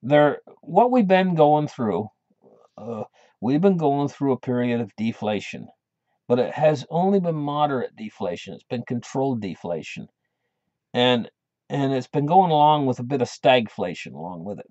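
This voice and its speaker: A man's voice: mid-range voice, expressive, normal speed, darkish tone, no room sound. A man hosting his own channel, talking in a casual monologue that rambles, with many restarts. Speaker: channel host. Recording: dull lo-fi dry recording.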